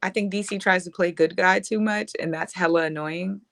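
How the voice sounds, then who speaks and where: Bright, slangy young woman chatting. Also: on the low side, brisk, vocal fry. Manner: slangy, animated, laughs often. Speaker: guest. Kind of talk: casual chat.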